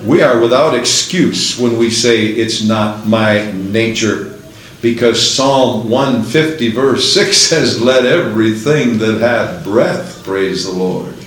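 A man's voice: mid-range voice, takes it slowly, hardly any pauses, heavy reverb, a little hiss or hum, poor audio. A man preaching a fervent sermon and reading scripture aloud in old-fashioned wording.

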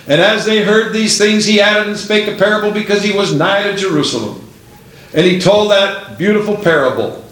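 Man, preacher, fervent sermon, high voice, heavy echo of a church hall. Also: a bit bright. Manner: fervent, reads scripture aloud in King James wording.

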